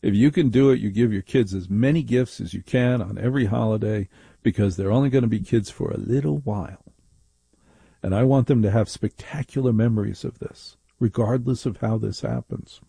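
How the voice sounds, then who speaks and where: A middle-aged man hosts a call-in radio show with a gravelly, husky voice. His tone is dark and mellow, and he speaks into a close studio microphone with a dry sound. He tells stories with emphatic, mock-indignant conviction. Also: fairly low pitch, dry recording. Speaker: radio talk show host.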